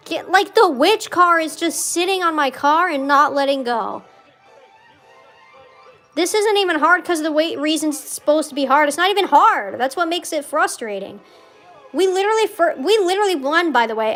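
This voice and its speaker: High-voiced young woman ranting over gameplay. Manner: frustrated, swearing, ranting at the game; muttering quietly to herself. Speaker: gaming streamer. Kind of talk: casual gameplay commentary.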